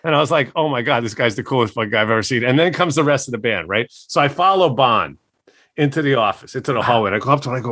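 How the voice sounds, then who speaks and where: A man, a record executive, telling a profane, animated story in a casual interview, acting out the quotes. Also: mid-range voice, racing, no room sound.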